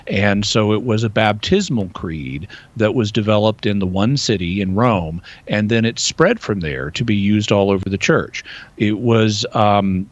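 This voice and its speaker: A man answering a listener's question on live radio in a calm, steady, explanatory way. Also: on the low side, dry recording, lo-fi sound. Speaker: radio show guest expert answering questions. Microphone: studio microphone.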